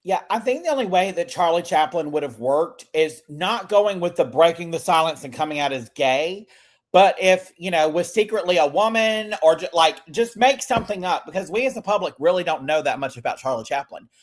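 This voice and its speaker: A man's voice: fairly high pitch, animated, a little fast. Chatty man hosting a recap podcast. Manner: chatty, laughs often, swears casually. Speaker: podcast host. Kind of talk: casual recap chat.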